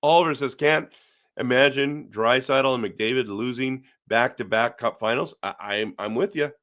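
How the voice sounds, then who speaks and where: With a mid-range, slightly bright voice at normal speed, a middle-aged man from Canada runs a relaxed hockey live stream, chattily reading out and responding to viewer comments.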